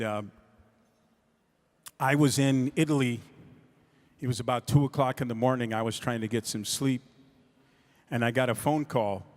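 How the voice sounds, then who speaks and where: A man speaking as a guest musician, telling a story to an audience in an easygoing way with frequent pauses. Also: medium pitch, darkish tone. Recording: echoey hall.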